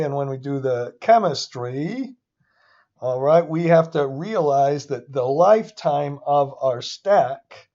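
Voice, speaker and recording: A man giving a casual, rambling lecture on a screen share, excitable and often interrupting himself. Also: on the high side, dull audio. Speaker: finance instructor.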